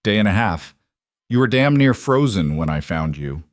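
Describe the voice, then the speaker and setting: A man doing a terse, gruff mountain man. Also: lowish voice, sing-song, normal speed, no echo, clean studio sound. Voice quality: level and terse. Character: gruff, solitary middle-aged mountain man.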